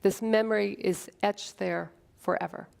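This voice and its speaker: A woman telling a personal story on stage, earnest and emotional, with dramatic pauses. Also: medium pitch, fairly even intonation, gravelly, a little mellow. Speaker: speaker at a short talk event.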